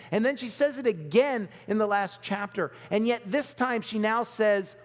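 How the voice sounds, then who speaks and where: A male pastor preaching in a loose, conversational way, breaking off to read scripture and check in with the room. His voice sits high for a man, and a long reverb trails every word through the church hall. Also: normal speed, hardly any pauses. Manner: conversational, reads scripture aloud, asks the audience "okay?". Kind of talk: sermon.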